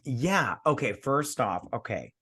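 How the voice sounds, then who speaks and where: Man, tipsy, crude and blunt, lively swinging voice, casual movie chat. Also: medium pitch, a little slow, slightly rough. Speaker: podcast co-host.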